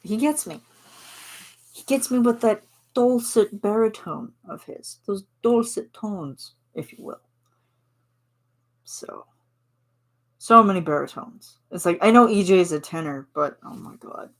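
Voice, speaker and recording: A woman's voice: mid-range voice, measured pace, long pauses. Chatty Canadian woman streamer. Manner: chatty and giggly, reads chat replies aloud. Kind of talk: casual chat.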